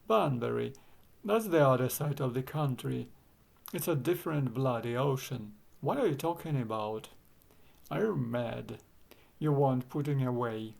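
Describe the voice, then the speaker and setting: A man's voice: mid-range voice, unhurried, creaky, darkish tone. A man reading a story aloud, voicing an impatient, half-deaf elderly Yorkshireman who barks his words scornfully in a Yorkshire accent. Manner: barking, scornful.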